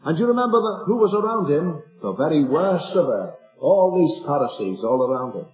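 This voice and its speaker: A man's voice: a little high, big pitch swings, brisk, soft background music. A man preaching a sermon to his congregation, earnest and full of rhetorical questions. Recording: tinny lo-fi recording in an echoey hall.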